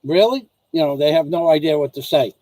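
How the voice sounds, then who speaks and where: Higher-voiced rambling American man. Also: fairly quick, dark tone, no echo, low-quality recording. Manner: repetitive, restarts sentences, acts out dialogue. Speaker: vlog host. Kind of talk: casual rambling rant to viewers and wife.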